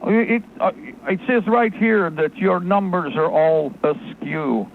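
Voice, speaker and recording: A man voicing a cold, smug male government bureaucrat with a mock-Soviet manner, speaking in slow, clipped, condescending phrases. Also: high voice, gravelly, full character voice. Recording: tinny phone-line audio, faint noise.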